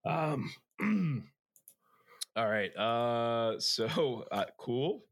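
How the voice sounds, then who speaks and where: A hoarse young man co-hosting a podcast, chatting casually with rambling asides and jokes. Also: mid-range voice, lively intonation, very slow, dry recording, clean studio sound. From Philadelphia area. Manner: rambling, filler-heavy, joking. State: hoarse after illness. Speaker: podcast co-host. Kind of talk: casual chat.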